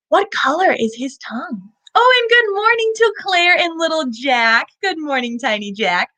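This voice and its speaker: A woman hosting a live children's animal show, animated and asking young viewers questions as she presents a lizard. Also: very high-pitched, a little slow.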